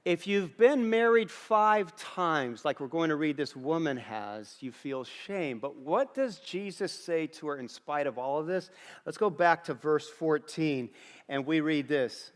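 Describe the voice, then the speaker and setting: A middle-aged pastor delivers a sermon in an earnest storytelling style, repeating phrases, his voice a little higher than most men's. It echoes with long reverb through a large church auditorium.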